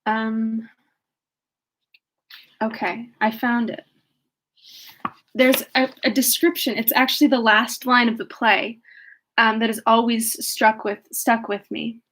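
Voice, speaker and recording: A woman's voice: fairly high pitch, little pitch movement, takes it slowly, long pauses, fairly bright tone. A young woman reading a novel aloud, then chatting in a casual, thoughtful way, laughing often and trailing off as she searches for things. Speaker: book reader and commentator.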